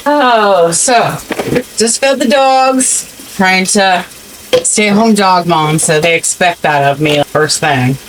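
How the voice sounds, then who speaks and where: A woman's voice: lowish voice, low-quality recording. Fifties woman, Midwest-born vlogger, wry and chatty, casual home-kitchen sound with faint background noise. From American Midwest. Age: 50s. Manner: sarcastic, chatty storyteller with frequent restarts. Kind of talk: casual chat while doing chores.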